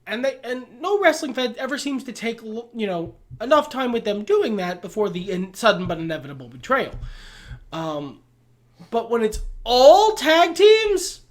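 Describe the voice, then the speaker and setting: A man's voice: high-pitched, lively intonation, normal speed, a bit bright. A man co-hosting a wrestling podcast, chatting casually, opinionated, swearing and laughing as he goes. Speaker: podcast co-host. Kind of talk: casual chat.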